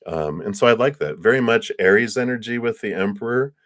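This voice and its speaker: Low-voiced excitable male tarot reader. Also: brisk. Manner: excitable and chatty, many fillers. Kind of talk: live-stream tarot reading.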